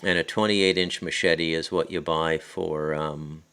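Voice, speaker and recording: A Canadian man with an Ottawa Valley accent and a low, deep voice tells a story in a loose, rambling monologue. He wanders off on tangents and restarts his sentences often. He speaks into his phone at his home in the countryside. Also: fairly even intonation, a little slow, fairly bright tone, clean tone. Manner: rambling, digressive, frequent restarts. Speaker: podcast host and author.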